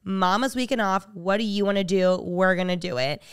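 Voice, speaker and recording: Young woman podcast co-host, chatty storyteller, smooth voice, dry close sound. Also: mid-range voice, no room sound. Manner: chatty storyteller, quick asides and laughs. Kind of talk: casual chat.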